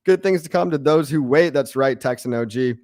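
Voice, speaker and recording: A brash, excitable man hosting a live crypto stream, hyping up his viewers and jeering at critics. His voice sits at a middle pitch and sounds close and dry, with little room sound around it. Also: brisk, dry recording. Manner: excitable, brash, mocking haters, repeats lines. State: out of breath. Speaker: crypto livestream host.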